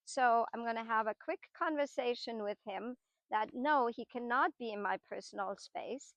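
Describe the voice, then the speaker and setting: Working horses as she teaches, this middle-aged woman lays out every step with patience and keeps asking her listeners tag questions to check in. Her slightly high, fairly bright voice moves at normal speed, captured in a dry, close recording.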